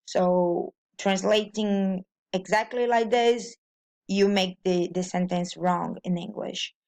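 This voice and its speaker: A woman with a Brazilian Portuguese accent teaches pronunciation and grammar at an unhurried pace. Her speech halts often, with restarts and fillers. Her voice sits at an ordinary middle pitch. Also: steady tone, a little mellow. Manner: halting, with frequent restarts and fillers. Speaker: language teacher.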